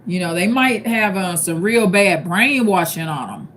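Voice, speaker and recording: A woman's voice: lowish voice, lively intonation, measured pace, a bit bright, a little hiss or hum. A middle-aged woman hosting a livestream, giving blunt, opinionated commentary straight to her viewers. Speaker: livestream host. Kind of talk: casual commentary.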